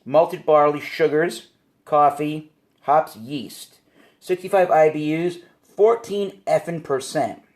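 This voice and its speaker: Animated man reviewing beer on camera. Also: fairly high pitch, takes it slowly. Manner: animated, exclaims at surprises. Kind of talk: casual video review. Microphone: phone or camera mic.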